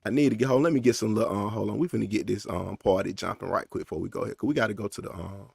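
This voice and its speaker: A man's voice: on the low side, steady tone, racing, creaky, husky, no echo, clean studio sound. A man hosting a casual, unscripted podcast, rambling in loose slang with lots of fillers and asides. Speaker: podcast host.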